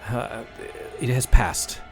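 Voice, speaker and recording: A man voicing Jennifer, a weary, gentle woman who speaks softly and hesitantly in a tabletop game. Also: mid-range voice, vocal fry, faint music behind. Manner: soft, halting, hesitant. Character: weary noblewoman Jennifer, gentle and soft-spoken.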